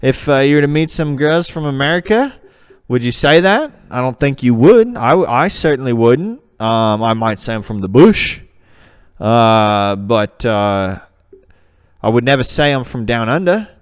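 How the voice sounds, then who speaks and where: A man's voice: mid-range voice, animated, a little slow, clear, resonant tone, lightly acted. A man doing a rambling Australian bush bloke. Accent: put-on Australian accent. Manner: rambling, hesitant, many fillers. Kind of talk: comedy character vlog.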